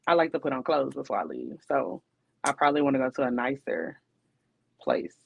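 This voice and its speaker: A woman's voice: rumbling low, sing-song, a little fast, gravelly, slightly rough, dull audio. A woman co-hosting a casual relationship podcast, talking in a chatty, rhetorical way and often checking in with her listener. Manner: chatty, rhetorical, keeps asking "you know what I'm saying". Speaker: podcast co-host.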